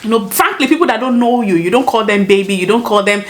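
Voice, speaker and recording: A woman's voice: medium pitch, animated, quick pace, slight background noise. Young woman with a Nigerian accent, casual vlogger, talkative and easily amused. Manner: chatty, laughs often, rephrases mid-sentence. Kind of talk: casual chat to camera.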